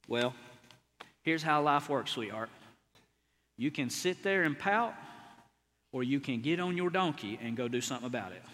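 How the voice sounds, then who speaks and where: A man's voice: mid-range voice, animated, moderate pace, long pauses, fairly bright tone. A male pastor preaching energetically in a church, joking with and teasing the congregation. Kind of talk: sermon. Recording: long church hall reverb.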